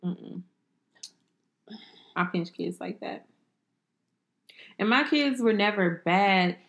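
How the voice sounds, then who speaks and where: A woman's voice: medium pitch, lively intonation, slow, vocal fry, fairly bright tone. A middle-aged woman, a mother, co-hosting a casual podcast, teasing and wisecracking. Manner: teasing, wisecracking, laughs easily. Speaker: podcast co-host and parent.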